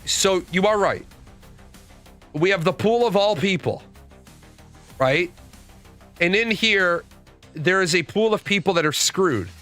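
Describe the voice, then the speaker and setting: Blunt, profane man with a bright voice. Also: high-pitched. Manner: blunt, profane, talks back to viewer comments. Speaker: podcast host. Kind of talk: opinionated casual commentary.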